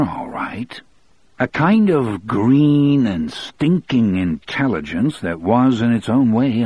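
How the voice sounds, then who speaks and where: A man reading an audiobook in a measured, unhurried storytelling way. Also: fairly low pitch, a little mellow, husky, no room sound. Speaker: audiobook narrator. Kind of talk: audiobook narration.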